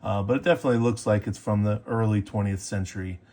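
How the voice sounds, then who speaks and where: A man's voice: fairly low pitch, steady tone, fast talker, a little mellow. Chatty man showing off old baseball cards. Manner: chatty and enthusiastic, with fillers and self-corrections. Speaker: sports card collector and video host. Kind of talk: casual show-and-tell about collectibles.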